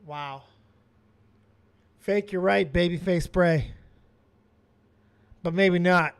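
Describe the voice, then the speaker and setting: A man hosting a live stream, giving excitable watch-along commentary with frequent exclamations and swearing. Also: sits high, extremely slow, vocal fry, clear, resonant tone. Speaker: streaming host reacting to wrestling.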